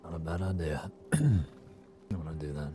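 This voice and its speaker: A man's voice: a bass voice, unhurried, warm tone. A man talking bluntly in character as a detective in a western role-play, swearing casually.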